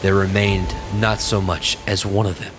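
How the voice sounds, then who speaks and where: A man reading scripture aloud in a slow, measured recitation. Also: low-pitched, level tone, noisy background. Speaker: scripture reader.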